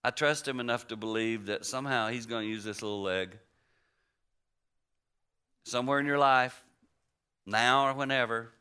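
A man in his sixties preaching a story-driven sermon in a conversational way, moving between hushed and emphatic. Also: mid-range voice, normal speed, long pauses, clear, resonant tone. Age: 60s.

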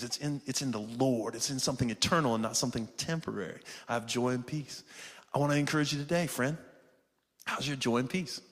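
A man preaching a sermon with fervor, calling out to his congregation and often saying "man". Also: mid-range voice. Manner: fervent, calls out to the congregation, often says "man". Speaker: pastor. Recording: reverberant hall sound.

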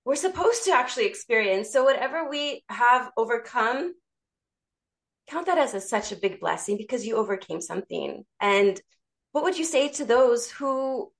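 A woman's voice: on the high side, fairly bright tone. A woman hosting an interview, affirming her guest and talking about prayer and meditation. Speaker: podcast host, interviewer. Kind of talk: casual interview talk.

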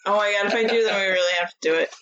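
A woman co-hosts a laid-back podcast, chatting freely and leaning on "like" as she talks. Her voice sits at an ordinary middle pitch. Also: very fast, fairly bright tone, muffled recording, a little hiss or hum. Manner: chatty, lots of "like" fillers. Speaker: podcast co-host. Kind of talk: casual chat.

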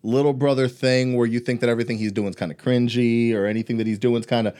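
A man's voice: mid-range voice, steady tone, fast, warm tone. A man chatting casually on a podcast about his younger brother, rambling and leaning on fillers. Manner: rambling, filler-heavy talk.

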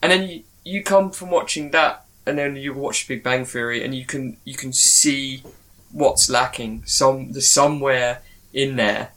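A man's voice: medium pitch, measured pace, a bit bright. A man co-hosting a casual chat, giving rambling, opinionated views on television casting. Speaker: podcast co-host.

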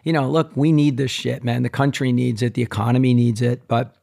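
A man's voice: mid-range voice, little pitch movement, fairly quick, gravelly, a little mellow. Casual man hosting a podcast. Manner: eager interjections, casual swearing. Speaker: podcast host. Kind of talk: casual chat.

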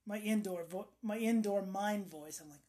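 A woman with a raspy voice chatting casually, telling a rambling, profanity-laced story about quitting smoking and acting out what she said back then. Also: mid-range voice, normal speed, dark tone, a little hiss or hum. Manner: profane, rambling storyteller acting out her own past outbursts. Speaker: ex-smoker sharing her story. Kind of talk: casual chat.

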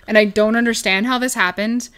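Bright-voiced, giggly woman co-host. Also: fairly high pitch, steady tone, fairly quick, clean tone. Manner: giggly, chatty. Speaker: podcast co-host. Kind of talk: casual chat.

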